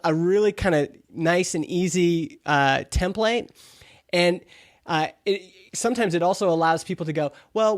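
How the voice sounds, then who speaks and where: A fairly high-voiced man hosting a podcast, chatting casually and keeping things upbeat. His voice sits close and dry on the mic, with hardly any room sound. He slips into quick acted-out bits of dialogue as he talks. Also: no echo. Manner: chatty, upbeat, acts out quoted exchanges. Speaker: podcast host.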